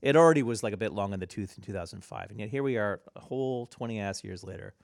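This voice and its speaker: A man with a lowish, gravelly voice rambles enthusiastically through a casual radio chat, full of fillers and asides. The sound is dry and close, with almost no room tone. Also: quick pace, no echo. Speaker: radio show co-host, record label owner.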